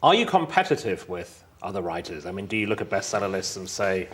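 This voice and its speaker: Male interview host, quick and direct, asks probing questions. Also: deep voice, very animated, a bit bright, slight background noise.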